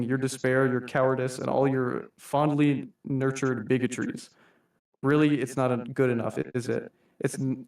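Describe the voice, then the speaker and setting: A man's voice: mid-range voice, darkish tone, natural voice. A man voicing a theatrical masked anarchist who reads a formal, mock-polite monologue addressing humanity as his staff, recorded in a roomy room from a distant mic.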